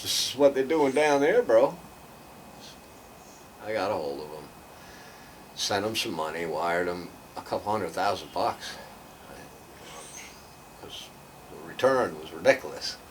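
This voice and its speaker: An older man, the storyteller guest, rambles through casual stories in a deep, slightly bright voice at a moderate pace, imitating other people and dropping to a near whisper for asides. He sits far from the mic, so the recording is distant and carries audible background noise.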